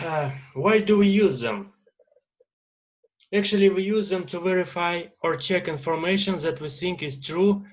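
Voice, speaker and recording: A man with a Russian accent teaching an English grammar lesson, pausing often with "uh" fillers. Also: on the high side, lo-fi sound. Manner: lecturing with many uh fillers and pauses.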